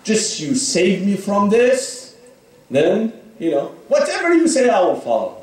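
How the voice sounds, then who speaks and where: A man's voice: sits high, wildly swooping pitch, unhurried, pitched above the performer's own voice, heavily acted. A man voicing a desperate stranded man begging God for help within a sermon story. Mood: pleading. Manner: pleading, begging. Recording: echoey hall, speaker far from mic.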